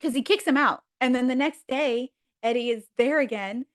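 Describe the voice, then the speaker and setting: A woman guest chats on a podcast and retells sitcom scenes with lively storytelling, slipping into the characters' lines as she goes. Her voice sits a little high for a woman. The sound is dry and close, with no room echo. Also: moderate pace. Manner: animated storyteller who acts out characters' lines. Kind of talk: casual chat, retelling sitcom episodes.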